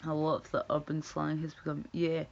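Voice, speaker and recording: A woman's voice: low-pitched, monotone, a little fast, gravelly, darkish tone, highs cut off. A Scottish woman livestreaming, chatting casually and rambling as she reacts to viewers' comments. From Scotland.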